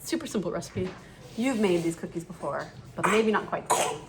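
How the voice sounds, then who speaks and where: A mother of eight vlogs casually at home about her chickens, garden and baking, talking a little fast in a very noisy recording. Chatty and animated, she jumps up high when talking to animals and kids. She's outdoors in a backyard chicken coop and in her kitchen.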